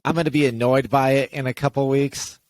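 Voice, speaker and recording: A man's voice: medium pitch, fairly even intonation, a little mellow, no room sound. An older man hosting a casual music review chat, chatty and offhand. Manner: chatty, offhand, quick asides. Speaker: host.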